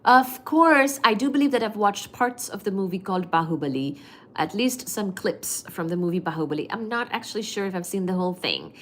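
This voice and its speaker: A woman's voice: mid-range voice, expressive, brisk. A woman hosting a casual livestream at home, reading viewer comments aloud and thanking them effusively, with lots of fillers. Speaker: livestream host.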